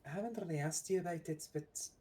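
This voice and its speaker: A man voicing a troubled young woman who sees herself as a monster, speaking in a halting, hesitant way. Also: fairly high pitch, warm tone, natural voice. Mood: uneasy. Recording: faint background noise.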